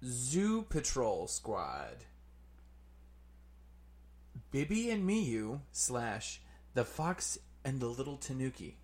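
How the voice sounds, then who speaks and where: A man's voice: medium pitch, sing-song, a little mellow. A man co-hosting a comic shop podcast, bantering in a joking, playful way. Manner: joking, playful, quick back-and-forth. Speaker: podcast co-host.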